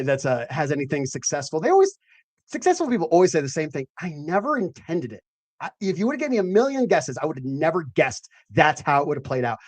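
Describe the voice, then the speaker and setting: A man hosting a casual late-night chat, profane and rambling. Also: on the high side. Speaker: host.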